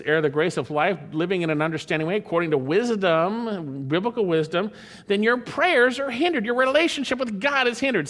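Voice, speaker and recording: A man preaching a sermon, emphatic, lifting his voice to quote scripture and dropping it low to drive points home. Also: a bit bright. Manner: emphatic, swings between raised and dropped voice, quotes scripture in a lifted tone.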